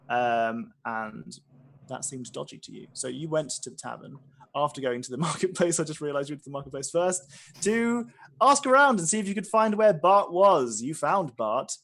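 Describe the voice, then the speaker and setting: A man's voice: on the high side, lively intonation, moderate pace, creaky, fairly bright tone. A man narrating as game master, rambling with many fillers and restarts. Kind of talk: narrating a tabletop game session.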